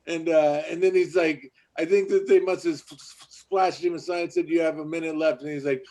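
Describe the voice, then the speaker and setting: A man's voice: on the high side, steady tone, fairly quick, hardly any pauses, warm tone. A man on a casual podcast, telling blunt, profane stories about meetings and recovery. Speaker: podcast co-host.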